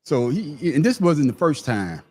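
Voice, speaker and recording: A man's voice: on the high side, big pitch swings, moderate pace, darkish tone, breathy edge. Profane, emphatic middle-aged man. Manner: profane, emphatic, repeats his words when starting. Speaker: podcast panelist. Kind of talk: casual chat, storytelling.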